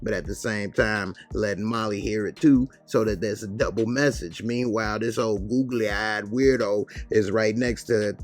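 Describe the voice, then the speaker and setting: A man's voice: on the low side, fairly even intonation. A man casually recapping a TV episode, retelling scenes in a loose, conversational way. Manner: loose, conversational retelling with quick acted quotes. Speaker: TV show reviewer.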